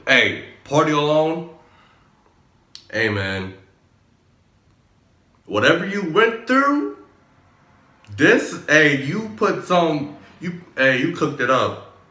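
A man hosting a music reaction video, talking casually with excitable slang and repeated exclamations. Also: on the high side. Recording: echoey room with music playing. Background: song playing in background.

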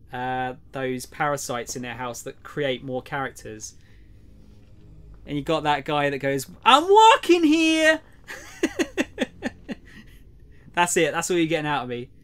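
A young man on a live gaming stream, his voice sitting a little high for a man. He chats easily with viewers and drops into a low mutter while working through puzzles. Faint game music plays behind him. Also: fairly bright tone, smooth.

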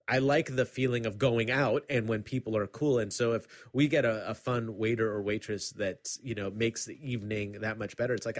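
A man co-hosting a casual podcast, telling stories with plenty of laughter. His voice sits at an ordinary middle pitch, and he acts out the voices of the people in his stories. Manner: chatty, laughs often, acts out quoted voices. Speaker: podcast co-host. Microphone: headphones and studio mic.

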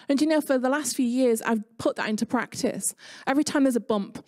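A woman's voice: sits high, brisk, darkish tone, no room sound, clean studio sound. A woman with an English accent preaching an online sermon in a chatty, conversational way, mixing personal stories with scripture. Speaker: pastor.

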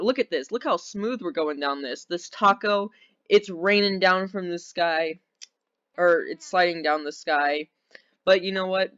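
A young man giving casual, rambling commentary over gameplay, easily excited and giggly. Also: high voice. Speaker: gaming video host. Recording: dull lo-fi sound.

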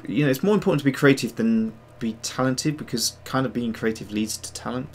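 This medium-pitched man speaks a little fast as host of a digital sculpting livestream. He chats casually and rambles, reads out viewers' messages, and makes fun of himself.

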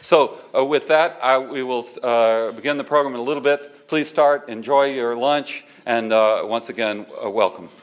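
A man's voice: medium pitch, moderate pace, hardly any pauses. A man hosting a luncheon program, thanking people and speaking hesitantly with many fillers and restarts. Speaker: event host. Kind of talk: announcing at a luncheon.

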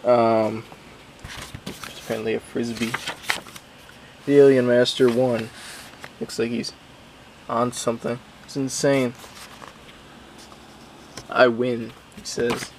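A man's voice: medium pitch, flat delivery, measured pace, vocal fry, long pauses, background noise. A young man casually reading a book he made as a child, with wry asides and frequent ums. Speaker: YouTuber.

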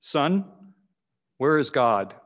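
A man playing a huge, booming, stern pastor. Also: big pitch swings, extremely slow. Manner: stern, grows louder each time.

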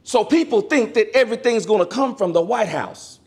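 Preacher guy with a real high voice, super animated, asking for amens. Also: normal speed. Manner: animated preaching, swings from loud exclamations to low asides; calls for amen from the congregation. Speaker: minister. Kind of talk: sermon.

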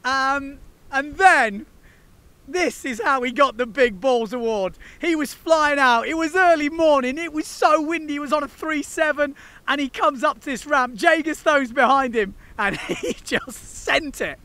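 A man's voice: very high-pitched, a little slow, pushed and bright, no room sound. A man hosting a windsurfing video, chatting casually and enthusiastically to the camera in slangy talk.

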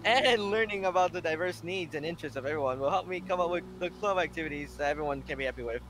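A man's voice: a little high, quick pace, fairly bright tone, a little hiss or hum, lightly acted. A man voicing an upbeat, caring teenage girl who leads a school club, reading her lines earnestly. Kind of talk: reading a visual novel aloud.

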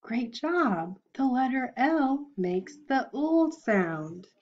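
Preschool teacher lady, talks real slow and sing-songy, kinda higher voice, dull lo-fi audio. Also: sing-song, darkish tone. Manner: slow, cheerful, sing-song praise for young children. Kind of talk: online preschool lesson.

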